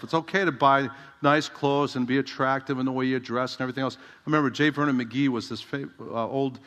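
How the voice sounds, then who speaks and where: Middle-aged pastor preaching in a reverberant hall. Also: male voice, mid-range voice, fairly even intonation, brisk, hardly any pauses, a bit bright. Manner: conversational and direct, with rhetorical questions. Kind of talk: sermon.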